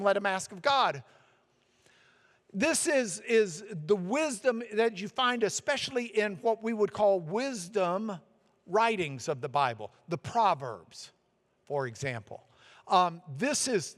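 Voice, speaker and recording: A man teaching a church Bible class, acting out the quoted lines he reads with animated energy. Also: high-pitched, in a large hall.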